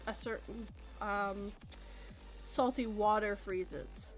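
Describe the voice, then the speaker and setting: A woman's voice: mid-range voice, steady tone, slow, soft background music. A Canadian woman hosting a casual podcast chat, rambling through explanations and laughing often. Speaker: podcast host.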